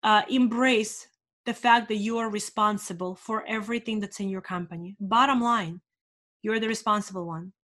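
A woman appearing as a guest in an interview, giving earnest business advice and slowing down on the words she wants to stress. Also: mid-range voice, steady tone, a bit bright. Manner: earnest, urging, fast bursts then slow emphasis.

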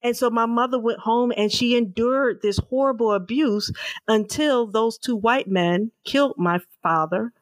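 Middle-aged woman telling her story in an interview, earnest and slow, dry close sound. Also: medium pitch, no echo. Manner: earnest, slow and emphatic, with repeated words. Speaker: author and interview guest.

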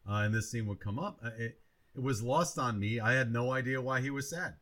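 A man on a movie review podcast talks in a plain mid-pitched voice. He thinks out loud, circling back and restarting his sentences as he goes. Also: brisk, over a noisy crowd. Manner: reflective, rambling with many restarts. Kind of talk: casual movie review chat.

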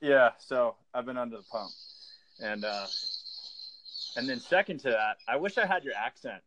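A man's voice: mid-range voice, moderate pace, lo-fi sound, crowd noise. An American man hosting a podcast, chatting in a laid-back, rambling way and laughing easily. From United States. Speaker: podcast host. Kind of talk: casual chat.

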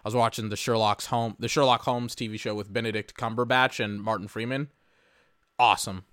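A young man talks into a close mic about his day, ranting with plenty of swearing and sudden shouts. His voice is bright and edgy. The sound is dry and close, with no room around it. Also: on the low side, steady tone, brisk, dry recording. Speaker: podcast host. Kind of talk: casual solo podcast rant.

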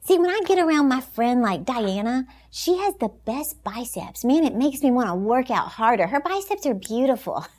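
A woman speaking as a Christian motivational speaker, delivering an inspirational talk in an emphatic, animated way and laughing often. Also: on the high side, moderate pace, few pauses.

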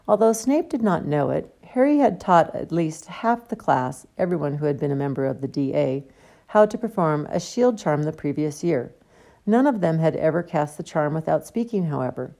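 A woman reading a novel aloud as an audiobook, with steady storytelling delivery. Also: low voice, normal speed, creaky. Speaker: audiobook reader. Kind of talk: audiobook narration.

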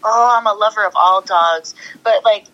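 A young woman chatting as a guest in an easygoing interview. She rambles happily with lots of fillers and laughs, and her voice is bright and forceful. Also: mid-range voice, normal speed, lo-fi sound. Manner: bubbly, rambling, laughs often, many fillers. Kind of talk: casual interview chat.

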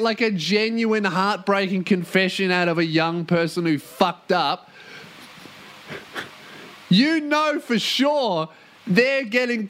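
Sweary young man ranting. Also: high-pitched. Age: young adult. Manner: sweary, animated, acts out quotes in loud put-on voices. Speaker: podcast host. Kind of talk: casual rant monologue.

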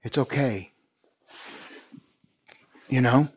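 A man's voice: mid-range voice, very slow, slightly rough, no echo, muffled recording. A man hosting a podcast, delivering an earnest motivational monologue and repeating phrases for emphasis. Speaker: podcast host.

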